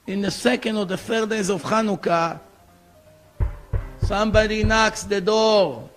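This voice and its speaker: A man's voice: high-pitched, measured pace, soft background music. A male rabbi telling stories in a sermon, acting out the voices of the people in them, in English with slips of grammar. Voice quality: non-native English grammar. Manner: animated storytelling, acting out quoted voices. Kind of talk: sermon storytelling.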